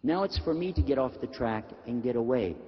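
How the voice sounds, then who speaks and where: A man's voice: mid-range voice, expressive, brisk. A male Islamic preacher giving a sermon to an audience, emphatic and asking his listeners rhetorical questions. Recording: dull lo-fi recording with long reverb in a hall.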